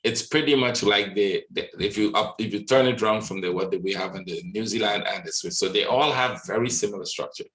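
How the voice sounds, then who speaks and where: A man with a low voice talks through market charts as a webinar host. He reasons out loud and keeps tagging "right?" onto his points. The sound carries a noticeable room echo. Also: fairly quick, hardly any pauses. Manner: thinks aloud, many "right?" tag questions. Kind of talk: live market analysis walkthrough.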